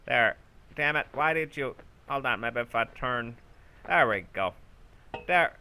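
A man giving goofy, boastful let's-play commentary, shouting when excited, with game music behind. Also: mid-range voice, takes it slowly, pauses often, clean tone. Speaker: gaming channel host.

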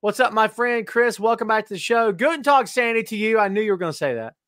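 A man's voice: high voice, lively intonation, fast, fairly bright tone, no room sound, studio quality. A middle-aged man hosting a live-streamed wrestling podcast, joking and teasing as he greets viewers by name. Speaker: podcast host. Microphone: webcam live stream.

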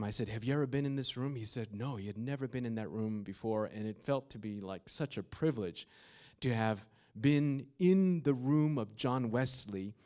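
A man preaching with a low-pitched voice. He tells his stories plainly and then builds to emphatic, fervent declarations. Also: a little mellow. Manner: storytelling, rising to emphatic fervor. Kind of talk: sermon with opening prayer. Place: university chapel or hall.

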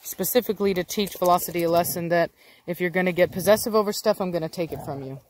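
A woman hosting a casual dog vlog outdoors. She explains training in a chatty way and switches to coaxing baby talk and sharp commands for her dogs. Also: lowish voice, fast talker. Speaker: dog breeder and channel host.

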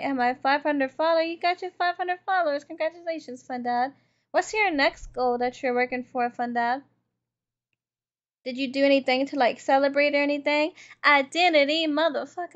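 A woman's voice: sits high, fairly bright tone, lo-fi sound. A woman livestreamer chatting casually and profanely with her chat while she plays a game. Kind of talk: casual live-stream chat while gaming.

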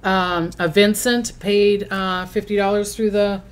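A woman's voice: mid-range voice, little pitch movement, unhurried. A middle-aged woman hosting a casual livestream, chatting and thanking donors by name. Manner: chatty, reads out donor names. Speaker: host. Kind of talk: casual livestream fundraising chat.

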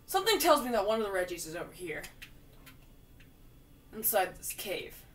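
A woman giving casual, jokey commentary while she plays a video game, with sudden loud outbursts. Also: mid-range voice, sing-song, normal speed, distant mic. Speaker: gamer playing through a video game.

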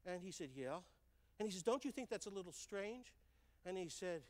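Older man, storytelling on stage, keeps asking "right?", high pitch, long hall reverb. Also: moderate pace. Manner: animated storytelling, checks in with "right?" and "okay?". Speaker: speaker. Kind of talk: stage talk.

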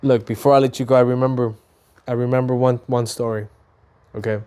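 Speaking brisk and clear with a resonant tone, a man in his thirties from Mexico vlogs casually to camera. He acts out his mom and himself in lively voices that jump sharply up in pitch, frequently restarting and repeating words as he goes.

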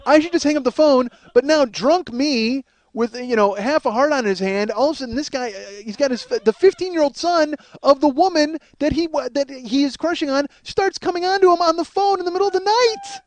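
High-pitched man, comedian host, crude rambling storytelling, profane, restarts. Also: fairly quick, few pauses, no echo.

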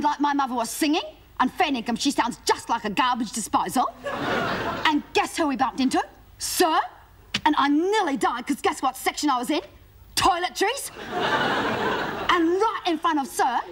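A woman with an Australian accent playing a whiny, gossipy suburban schoolgirl in a comedy sketch, with a sing-song, breathless way of talking. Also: high-pitched. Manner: sing-song, breathless, exaggerated teen complaints. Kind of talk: sketch comedy monologue before live audience. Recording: loud audience laughter and noise. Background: audience laughing.

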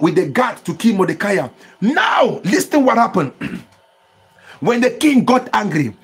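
Male pastor, impassioned sermon with tongues, high animated voice with a rough edge. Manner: preaching with call-and-response and bursts of tongues.

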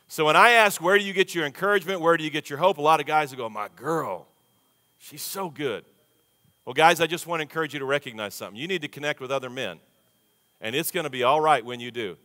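Folksy pastor in a big echoing church. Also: male voice, a little high, sharp tone. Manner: folksy, conversational preaching with audience call-and-response. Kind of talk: sermon. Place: large church sanctuary. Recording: long reverb of a big church hall.

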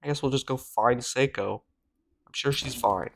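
Wry woman with a gravelly voice. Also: a bass voice, normal speed. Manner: wry, joking asides. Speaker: gameplay streamer. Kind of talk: let's play commentary.

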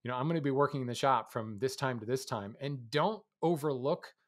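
A man co-hosts a podcast in a mid-pitched voice. He explains things in a relaxed, teaching way and laughs easily. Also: a little fast. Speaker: podcast co-host and woodworking teacher. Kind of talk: casual podcast chat.

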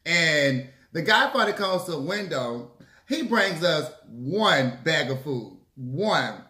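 A man telling a story casually to his viewers, lively and swearing freely. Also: a little high, slow. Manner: animated, acts out quotes, swears freely. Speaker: mukbang vlogger. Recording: echoey room.

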